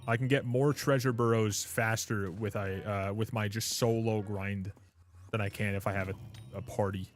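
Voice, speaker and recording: A man's voice: on the low side, steady tone, normal speed. A man chatting casually on a gaming livestream, rambling and swearing as he jokes with his chat. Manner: rambling, profane, joking with chat; frequent filler words and restarts.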